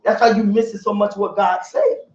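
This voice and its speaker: High-voiced preacher man, echoey and distant. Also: moderate pace. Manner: animated, colloquial, mimics whiny prayers. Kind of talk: preaching to a bible study group. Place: church room. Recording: echoey, distant, dull church recording.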